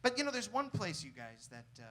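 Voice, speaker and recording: A man's voice: high voice, wildly swooping pitch, fairly quick. A man performing an improvised comic song on a cabaret stage, playful and belting. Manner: playful, belting sung lines. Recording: loud live band behind. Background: live band.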